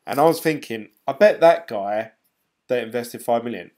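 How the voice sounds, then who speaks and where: A man talks through his thoughts on a casual live stream, rambling and loose, with plenty of fillers. His voice sits at an ordinary pitch for a man, and his delivery is chatty and unpolished. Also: animated, normal speed, a little mellow. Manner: rambling, chatty, laughs often. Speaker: crypto vlogger reading live chat.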